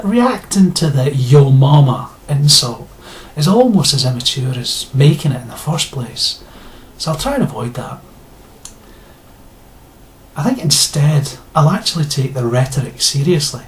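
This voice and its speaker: A man's voice: mid-range voice, animated, measured pace. A man delivering a sarcastic, indignant rant to his viewers, blunt and given to swearing. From Scotland. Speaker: video blogger. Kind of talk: ranting monologue to camera.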